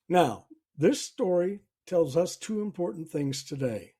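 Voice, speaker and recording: Folksy, slow-talking host. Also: male voice, on the high side, animated, warm tone, breathy edge. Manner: folksy, unhurried storyteller. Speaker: podcast host. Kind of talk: storytelling and self-help talk.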